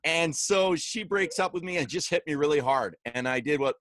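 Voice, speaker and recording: Lively storytelling Canadian man. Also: a little high, normal speed, no echo. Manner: energetic, acts out quoted voices. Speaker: podcast guest. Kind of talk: animated storytelling.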